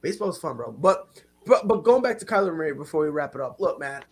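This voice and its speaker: A man's voice: on the high side, quick pace, a little hiss or hum. A man hosting a casual sports talk show, telling stories and acting out what players said. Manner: animated storyteller, acts out players' quotes.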